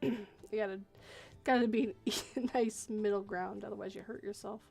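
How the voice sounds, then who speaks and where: Woman host, horror story reader, casual chatter, middle pitch, laughs often. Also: steady tone, normal speed, darkish tone, soft background music. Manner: clears throat often, laughs a lot while chatting. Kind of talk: reading a horror story, then casual chat.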